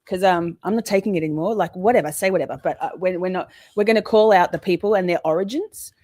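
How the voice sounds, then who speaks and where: She talks fast in a fairly low, mellow voice, running casual, profanity-laced livestream commentary. The mic is dry with no room sound, and she rambles on, stopping to greet viewers in chat.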